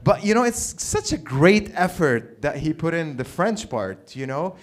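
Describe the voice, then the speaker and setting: A man's voice: on the high side, sing-song, unhurried, a little hiss or hum. A man from Lebanon hosting an open mic comedy night on a small stage, rambling and swearing as he jokes between acts. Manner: rambling, profane, self-interrupting.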